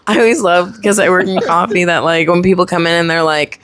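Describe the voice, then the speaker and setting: A woman's voice: fairly low pitch, fairly even intonation, brisk, fairly bright tone. A woman hosting a casual podcast chat, playful and often laughing. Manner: giggly, playful, says "like" a lot. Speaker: podcast host.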